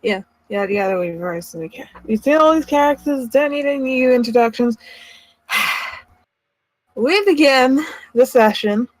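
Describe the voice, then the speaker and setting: A woman narrating a tabletop game as game master, pausing often with ums and uhs. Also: high-pitched, lively intonation, poor audio. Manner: hesitant, full of ums and uhs.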